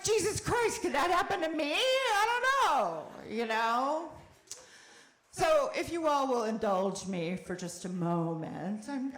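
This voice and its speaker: Animated woman comic in a roomy club. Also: fairly high pitch. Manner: animated, with loud shouted bursts and wry asides. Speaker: stand-up comedian. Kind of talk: stand-up comedy set. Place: comedy club.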